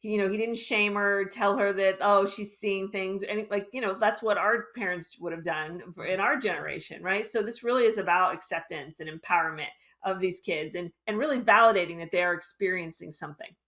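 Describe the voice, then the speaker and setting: A woman guest on a podcast explains her ideas earnestly and fluently. Her voice sits at a middle pitch for a woman. She speaks as a teacher sharing her views. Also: a little fast, hardly any pauses, a bit bright. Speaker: author and intuition teacher, guest. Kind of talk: interview conversation.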